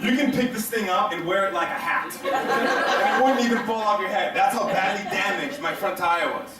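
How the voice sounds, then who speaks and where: A man doing stand-up comedy to a live crowd, telling a story in an animated, profane way and laughing through his lines. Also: sits high, normal speed. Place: hotel event room stage. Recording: echoey room, mic heard from a distance.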